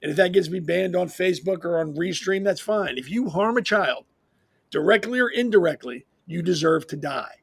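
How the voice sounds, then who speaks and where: A man's voice: high voice, expressive, normal speed, gravelly, husky, no room sound. A man co-hosting a political panel, speaking bluntly and emphatically. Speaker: co-host. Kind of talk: casual political panel talk.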